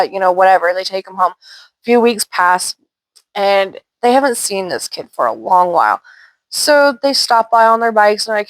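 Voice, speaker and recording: A woman's voice: mid-range voice, animated, moderate pace, dry recording. Chatty woman telling ghost stories. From Washington State, USA. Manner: chatty, loose, with fillers and asides. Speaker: channel host telling paranormal stories. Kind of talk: casual storytelling.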